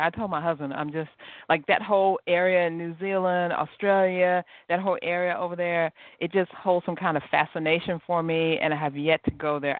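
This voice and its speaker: A woman's voice: lowish voice, dry recording. A woman hosting a podcast interview, bubbly and chatty. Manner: bubbly, chatty, laughs easily. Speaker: host. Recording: dry, tinny phone-line audio.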